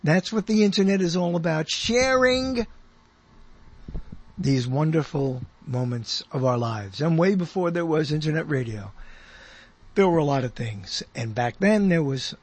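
A man's voice: fairly high pitch, lively intonation, a little slow, slightly rough. A man in his sixties hosting his own radio show, rambling in a chatty, self-amused way, chuckling and restarting his sentences as he goes.

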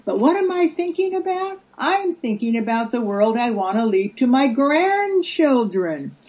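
A woman's voice: fairly high pitch, sing-song, a little slow, darkish tone, breathy edge, muffled recording. An older woman, a guest in a casual interview, telling stories earnestly and acting out the voices she quotes. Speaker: guest, peace activist.

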